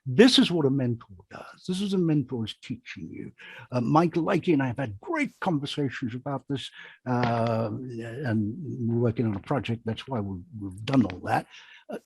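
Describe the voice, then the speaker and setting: A man's voice: medium pitch, lively intonation, moderate pace, breathy edge, no echo. A man, a magician, telling a rambling show-business story in a panel chat over a video call, often correcting himself.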